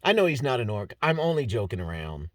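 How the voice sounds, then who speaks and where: A man's voice: mid-range voice, very animated, quick pace, no room sound, clean studio sound. A man giving a casual, joking breakdown of fight results, rambling and stumbling over fighters' names. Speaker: MMA fight breakdown host. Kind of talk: casual solo commentary.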